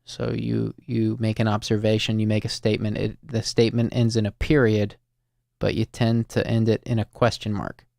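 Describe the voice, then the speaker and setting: A man hosting a call-in listening show, talking slowly and thoughtfully to a caller with many fillers and restarts. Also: on the low side, monotone, creaky, a little mellow, no echo, studio quality. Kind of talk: reflective, gentle conversation with a caller.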